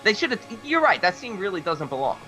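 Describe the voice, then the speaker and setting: Bright, animated man podcast co-host. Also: sits high, soft background music, rough recording. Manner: animated, quick to agree and argue. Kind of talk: casual chat.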